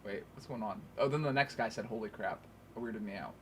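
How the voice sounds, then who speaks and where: A man's voice: on the low side, a little fast, fairly bright tone, a little hiss or hum. Playful teasing man reading chat. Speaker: livestream co-host. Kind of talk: casual livestream chat.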